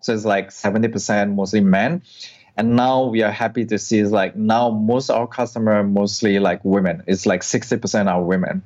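A man being interviewed as an app founder, answering haltingly with many fillers and restarts. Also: fairly low pitch, steady tone, darkish tone. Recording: dull lo-fi sound.

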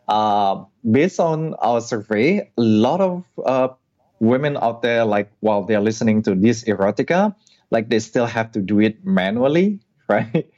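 A man being interviewed as an app founder, answering haltingly with many fillers and restarts. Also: on the low side, darkish tone. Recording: dull lo-fi sound.

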